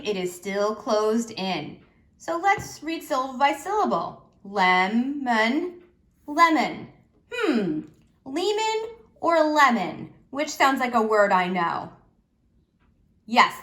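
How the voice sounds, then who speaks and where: A woman teacher giving a slow, patient phonics lesson to children, asking them questions as she goes. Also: mid-range voice, a bit bright.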